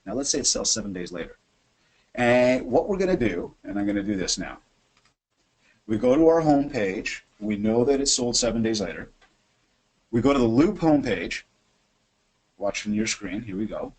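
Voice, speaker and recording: A man hosting a webinar from his office, coaching sales in an energetic, chatty way and acting out phone calls. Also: fairly low pitch, moderate pace, pauses often, low-quality recording. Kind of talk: animated software demo and sales coaching.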